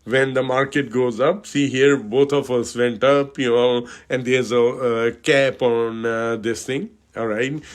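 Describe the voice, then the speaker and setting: Man, financial advisor, unhurried, halting, filler-heavy, mid-pitched. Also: fairly even intonation. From India. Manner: slow, halting, many fillers. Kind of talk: explaining a chart.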